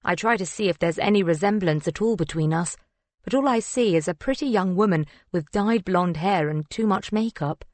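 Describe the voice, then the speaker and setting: A woman narrating a first-person thriller audiobook in a measured, reflective storytelling manner. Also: on the low side, a little mellow, no room sound.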